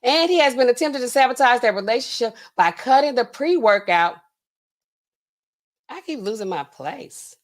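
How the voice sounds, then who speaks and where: A woman hosting a livestream in casual commentary, animated and laughing, acting out quotes in exaggerated voices. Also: a little high, normal speed. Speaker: pharmacist livestream host.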